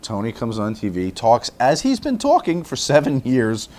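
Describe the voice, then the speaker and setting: A man hosting a podcast, prodding his guests with questions and wisecracks in a lively way. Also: mid-range voice, moderate pace. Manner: lively, wisecracking interviewer who prods with questions. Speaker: podcast host. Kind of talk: conversational podcast chat.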